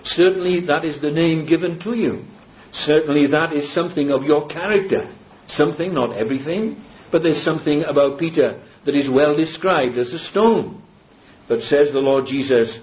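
Emphatic male preacher, slightly high voice. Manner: slow, emphatic reading of scripture with pauses. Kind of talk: expository sermon. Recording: dull lo-fi recording with faint hiss.

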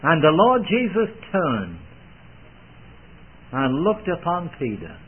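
Guy preaching, earnest old-style sermon, lively rising voice, tinny phone-like sound. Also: a little high, takes it slowly, husky. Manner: old-fashioned, earnest, swells and drops in emphasis.

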